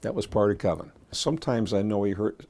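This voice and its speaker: Low, gravelly man reflecting. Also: animated, a little fast, mellow. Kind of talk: documentary interview.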